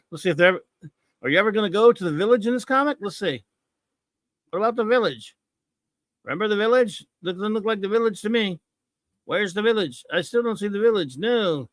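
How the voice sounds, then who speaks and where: A man's voice: high-pitched, lively intonation, moderate pace, pauses often, fairly bright tone, no echo, studio quality. A middle-aged American man hosting a comics talk show, ranting about a comic with mocking scorn. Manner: scornful, mocking, repetitive rants.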